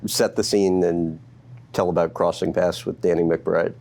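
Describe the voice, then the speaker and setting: Male interviewer; very deep, gravelly, dark-toned, short prompting questions. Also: flat delivery, moderate pace. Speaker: interviewer, host.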